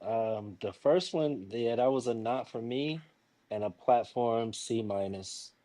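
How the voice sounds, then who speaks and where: A man's voice: medium pitch, slow, dark tone. A man on a review panel giving a casual critique of a song, hesitant and sprinkled with ums. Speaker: panelist on a music review show.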